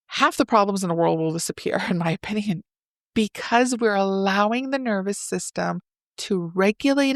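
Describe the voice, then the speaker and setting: A woman psychotherapist, a podcast guest, explaining relationship ideas in a lively way and acting out example lines. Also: mid-range voice, gravelly, no echo, clean studio sound. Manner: animated, acts out example dialogues. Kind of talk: explanatory interview talk.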